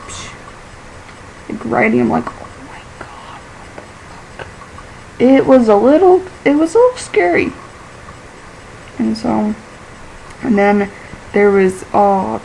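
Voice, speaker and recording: A woman's voice: medium pitch, gravelly, a little mellow, a little hiss or hum, low-quality recording. A teenage girl vlogging in a rambling, casual way, filling her talk with "like" and laughing easily. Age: teens. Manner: chatty and scattered, fills every pause with "like", laughs easily.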